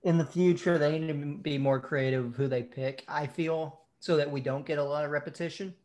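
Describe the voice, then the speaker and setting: A man with a slightly higher voice talks about movies with his friends. He is animated and enthusiastic, swears freely, and builds his ideas with a lot of energy. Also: a little fast. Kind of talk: casual movie chat.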